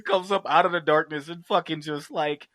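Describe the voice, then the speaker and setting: Animated, profane man recapping a film. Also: a little high, normal speed, no room sound. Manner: animated, profane, acts out scenes in voices. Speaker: podcast co-host. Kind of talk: casual film recap chat.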